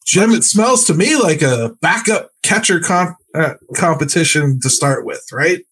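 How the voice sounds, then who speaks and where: A man's voice: on the high side, animated, measured pace, fairly bright tone, husky. A man hosting a sports podcast in casual, joking conversation, laughing often as he talks. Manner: chatty and joking, laughs easily. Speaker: podcast host.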